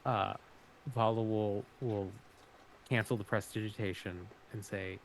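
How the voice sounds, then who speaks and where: Male player, low and matter-of-fact, describing his character's actions. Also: fairly even intonation, measured pace, a little hiss or hum. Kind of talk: playing a tabletop game.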